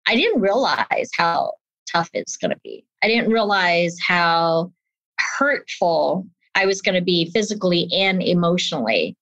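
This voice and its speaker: Speaking unhurriedly with a voice on the low side, a woman in her fifties tells an interviewer a personal story, bringing it to life by acting out quoted voices. The recording is dull, lo-fi and dry, with no room sound.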